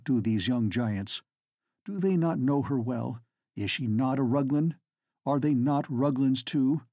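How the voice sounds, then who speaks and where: Man reading an old novel aloud, husky dry voice, measured dramatic pacing. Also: medium pitch, mellow, no echo. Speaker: audiobook narrator. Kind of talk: scripted narration.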